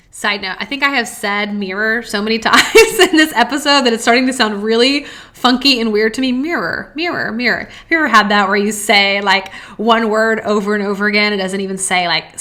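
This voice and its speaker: Bright-voiced woman hosting a self-help podcast. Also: mid-range voice. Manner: earnest, slows down to stress key phrases; strings of rhetorical questions. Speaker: podcast host.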